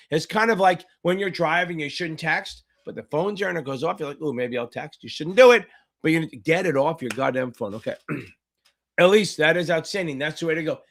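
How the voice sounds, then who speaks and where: A man tutoring for a finance exam, hosting a livestream Q&A, loud and profane, hyping viewers up and answering chat questions. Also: on the high side. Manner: loud, profane, hyped-up coaching.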